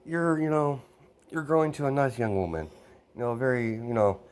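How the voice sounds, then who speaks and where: A man voicing a warm, teasing middle-aged mother who gushes fondly and stumbles over fillers. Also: mid-range voice, a little fast, voice pushed up, natural voice. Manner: fond, gushing, filler-heavy.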